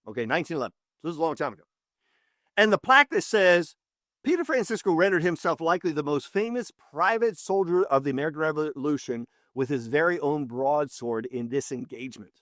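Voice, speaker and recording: An author telling a story with lots of energy, his fairly high voice jumping up when he acts out what people said. The sound is dry and close, with no room echo. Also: a bit bright. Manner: enthusiastic, with big pitch jumps when quoting people. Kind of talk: casual animated storytelling.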